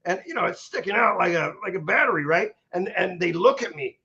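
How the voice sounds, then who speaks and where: Brief: middle-aged man, high-pitched and gravelly, energetic restart-heavy testimony, dull lo-fi sound. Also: a little fast. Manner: energetic, repetitive restarts, emphatic. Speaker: interviewee, stroke survivor. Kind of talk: emotional personal testimony. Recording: dull lo-fi recording.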